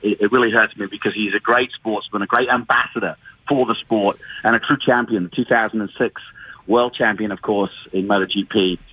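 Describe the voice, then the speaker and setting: A man calling into a motorsport radio show, talking earnestly with halting restarts. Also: on the low side, no room sound. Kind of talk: casual radio talk. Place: event venue in the field. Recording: tinny phone line.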